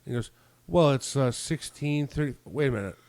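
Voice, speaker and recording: A man's voice: mid-range voice, lively intonation, normal speed, darkish tone, no echo. A man on a podcast, telling a story in casual chat, acting out both sides of phone calls and swearing freely. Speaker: podcast co-host.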